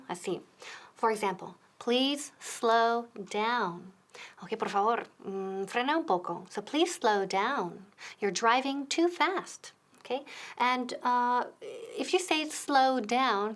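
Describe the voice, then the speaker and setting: American woman host, slightly high voice, teacher. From United States. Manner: clear, deliberate, slows down for examples. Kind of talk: bilingual TV English lesson.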